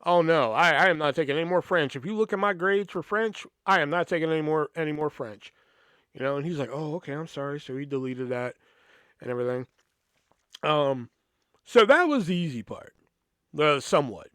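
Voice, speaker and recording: A man's voice: on the high side, fairly quick, clean tone, no room sound, clean studio sound. A man hosting a podcast, telling a story in a rambling, casual way with constant swearing and "you know" fillers, acting out the people he quotes. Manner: acts out quoted people in lively voices. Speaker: podcast host.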